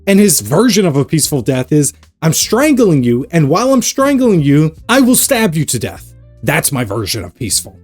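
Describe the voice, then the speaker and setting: A man giving a casual commentary vlog, ranting with sarcastic, animated energy. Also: a little high. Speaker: anime reaction youtuber.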